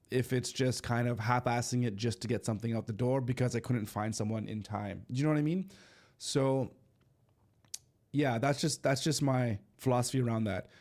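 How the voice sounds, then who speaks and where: A man's voice: medium pitch, a little mellow. Stuffy-nosed man rambling on a livestream. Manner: rambling, loose, with many fillers and restarts. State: stuffy nose. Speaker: livestream host. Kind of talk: casual livestream chat. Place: home studio in eastern Canada.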